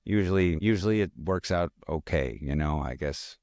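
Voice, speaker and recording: Man, podcast host, deep voice, friendly explainer, dry sound. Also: normal speed, darkish tone, dry recording. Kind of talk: casual interview.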